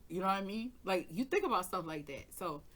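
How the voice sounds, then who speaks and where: A woman's voice: fairly low pitch, lively intonation, fast talker, fairly bright tone. A woman tarot reader hosting her own channel, telling a personal story in a casual, emphatic way, swearing freely and acting out her side of an argument.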